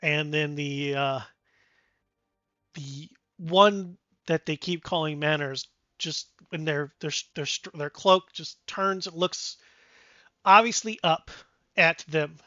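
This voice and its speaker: Slow-talking tabletop game master. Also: mid-range voice, sharp tone, dry recording, muffled recording.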